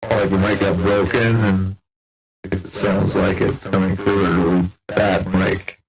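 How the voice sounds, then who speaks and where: Man through a deep gravelly voice filter. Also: level tone, measured pace, rough recording. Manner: testing voices, thinking aloud. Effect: deep narrator voice changer. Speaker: livestream host. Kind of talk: casual stream chat.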